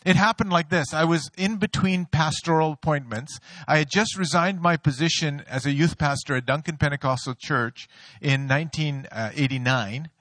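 A man's voice: fairly high pitch, normal speed, a bit bright, dry recording. A middle-aged male pastor preaching a sermon, telling a personal story with playful asides and laughing at his own jokes.

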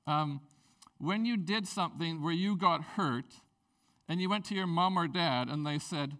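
A man preaching a sermon, telling personal stories in a conversational, animated way with big swings in pitch and volume. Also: a little slow. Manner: conversational storytelling with lively swings in pitch and loudness. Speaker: pastor.

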